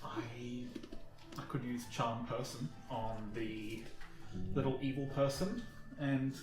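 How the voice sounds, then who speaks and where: A man playing a tabletop game, speaking haltingly and stumbling over his words. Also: mid-range voice, fairly even intonation. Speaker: player. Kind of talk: casual game talk. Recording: roomy, from far off, music behind.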